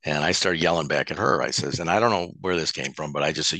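A man sharing his personal testimony at a support meeting, halting and often restarting his words. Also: very deep voice, bright, forceful tone, dry recording. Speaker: recovery speaker at a support meeting.

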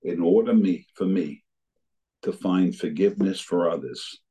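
A man's voice: sits low, measured pace, dark tone, breathy edge, rough recording. An older man telling his recovery story as a personal testimony, earnestly acting out remembered conversations. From New Jersey area.

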